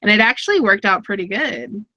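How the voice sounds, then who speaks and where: A woman's voice: medium pitch, lively intonation, a little fast, pushed and bright, dry recording, dull audio. A woman hosting a casual online chat show, talkative and laughing often. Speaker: podcast host.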